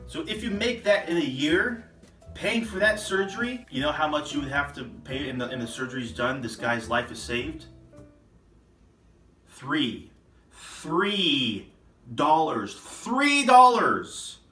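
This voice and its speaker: A man's voice: fairly high pitch, moderate pace, pushed and bright, echoey room, distant mic, faint music behind. A man ranting indignantly in a political vlog, sarcastic and getting worked up. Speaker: political vlogger. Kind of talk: ranting commentary.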